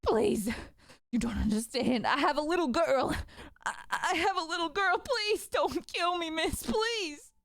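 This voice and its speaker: A woman voicing a desperate male bandit who sobs and pleads for his life in a tabletop game, his cries cracking high. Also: measured pace, darkish tone, dry recording, studio quality, natural voice. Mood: begging, sobbing. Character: desperate sobbing male bandit begging for mercy.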